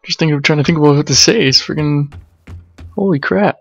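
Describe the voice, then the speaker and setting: A man's voice: on the high side, fairly quick, vocal fry, breathy edge, no room sound, dull audio, soft background music. Jumpy gamer guy swearing at a game. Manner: excitable, swears a lot, yelps when startled. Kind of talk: let's play commentary.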